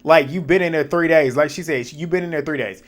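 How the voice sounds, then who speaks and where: Animated man recapping reality TV. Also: brisk. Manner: animated and opinionated, laughing, breaking into high mocking quotes. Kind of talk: casual episode recap with commentary.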